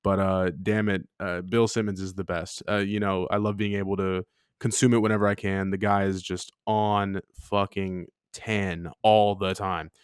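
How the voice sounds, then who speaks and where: A man co-hosting a casual sports podcast in a low, smooth and resonant voice. He rambles playfully, filling his talk with "uh"s. The recording is very dry and close on the mic. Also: level tone, moderate pace, no room sound. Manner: rambling, lots of "uh" fillers, playful. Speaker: podcast co-host.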